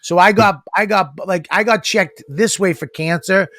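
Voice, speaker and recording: A man's voice: high-pitched, normal speed, fairly bright tone, no room sound, clean studio sound. A middle-aged man co-hosting a podcast, ranting crudely with lots of swearing and laughter. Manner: profane, ranting, laughs often. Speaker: podcast co-host. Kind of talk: crude comedic banter.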